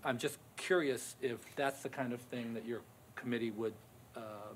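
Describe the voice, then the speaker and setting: A man on a city commission asking a long question at a public meeting, slowly and carefully, searching for words. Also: mid-range voice, steady tone, slight background noise.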